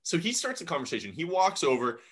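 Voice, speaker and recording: A young man co-hosting a podcast, chatting casually and putting on quick impressions of the people he talks about. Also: a little high, sing-song, fairly bright tone, slightly rough. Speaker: podcast co-host. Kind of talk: casual recap chat.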